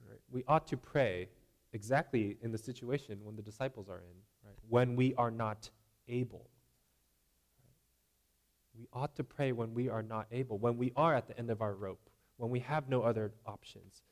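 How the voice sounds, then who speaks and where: Male preacher, mid-range voice, casual conversational sermon delivery. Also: medium pitch. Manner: conversational, repeating "right?" and acting out imagined voices.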